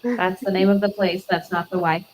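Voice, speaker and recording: A woman's voice: mid-range voice, level tone, normal speed, crowd noise, low-quality recording. A woman tabletop player speaking in character with a wry, drawling manner.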